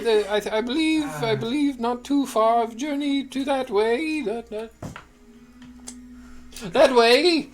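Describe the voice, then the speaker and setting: A game master voicing a forgetful, whiskey-loving male balloonist in the fey realm, rambling with hard breathy H sounds and much dithering. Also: mid-range voice. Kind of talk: voicing a character in a tabletop game.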